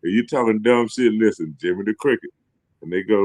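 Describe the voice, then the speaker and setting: Deep-voiced male guest, rambling and profane, dry close sound. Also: moderate pace, a little mellow, no room sound. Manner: loose, profane, repeats himself, laughs often. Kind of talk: casual rambling chat.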